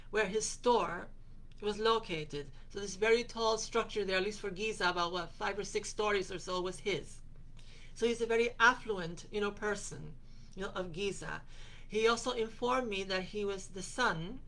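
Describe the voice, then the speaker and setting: A woman hosting a show recounts a personal trip in a loose, meandering way. She fills her sentences with little fillers and restarts, and she slips into quoting the people she met along the way. Her voice sits at a middle pitch. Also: a bit bright. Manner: rambling, with frequent fillers and restarts; quotes other people in her retelling. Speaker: podcast host. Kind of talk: personal travel storytelling.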